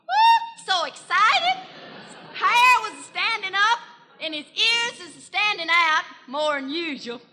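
An excitable young country gossip with a rural Southern twang, hollering her folksy stories in a very high, piercingly bright voice. She rambles and giggles. The 1940s radio broadcast rings with a long hall echo. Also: slow, exaggerated voice. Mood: gossipy. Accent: Southern US, rural Tennessee. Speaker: comedian. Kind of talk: 1940s radio comedy monologue.

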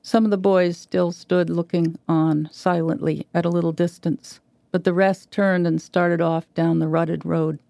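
A woman reading a literary short story aloud in a measured, even way. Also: lowish voice, vocal fry, no room sound. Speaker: reader.

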